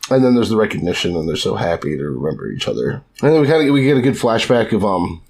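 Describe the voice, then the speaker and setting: A man's voice: lowish voice, big pitch swings, fast, vocal fry, darkish tone, a little hiss or hum. A man co-hosting a podcast, giving a loose, enthusiastic recap full of filler words and the odd swear. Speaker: podcast co-host. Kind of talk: casual podcast chat.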